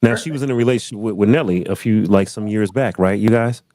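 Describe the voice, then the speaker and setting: Casting: low-voiced man hosting a relaxed panel talk, repeats himself, dry close mic. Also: fast, no echo. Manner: loose, repeats phrases, says y'all. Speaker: host. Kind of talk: casual panel chat.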